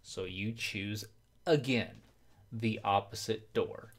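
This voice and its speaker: A man's voice: fairly low pitch, slow. A young man streaming casually while drinking, rowdy and profane, explaining things at length. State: drinking alcohol. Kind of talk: casual live-stream chat.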